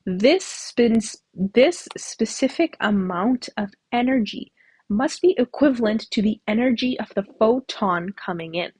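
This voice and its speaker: A woman's voice: fairly high pitch, animated, measured pace, darkish tone, slightly rough. A woman tutor explaining a topic step by step, asking herself questions as she works through a diagram. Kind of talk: whiteboard lecture.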